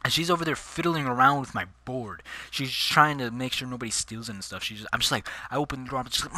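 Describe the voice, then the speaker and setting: Bright-voiced slangy guy telling a story. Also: mid-range voice, brisk, no echo. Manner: slangy, chatty, calls listeners dude and bro. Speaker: vlogger. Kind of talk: casual storytelling.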